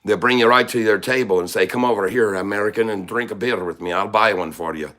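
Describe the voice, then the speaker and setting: Cheeky Irish leprechaun as a streamer puts him on, put-on Irish accent, boastful and teasing, fairly low male voice. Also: fast talker, bright, forceful tone. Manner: cheeky, mock-tough, teasing chat viewers. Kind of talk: live-stream chat in a put-on voice.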